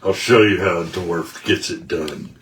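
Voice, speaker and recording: A man voicing a blunt, gruff dwarf adventurer in a tabletop game. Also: low-pitched, measured pace, a bit bright, recorded from a distance, a little hiss or hum, rough recording.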